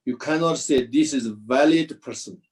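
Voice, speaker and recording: A man giving a Buddhist teaching commentary over a video call, speaking halting English with frequent restarts. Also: mid-range voice, a little mellow, low-quality recording. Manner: slow, halting non-native English with restarts.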